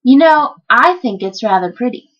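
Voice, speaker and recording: A woman's voice: fairly high pitch, expressive, moderate pace, fairly bright tone. A vain storybook captain brushes off danger in a pompous, dismissive tone, as a woman reader puts him on. The sound is dull and lo-fi. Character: vain, blustering captain of the guards.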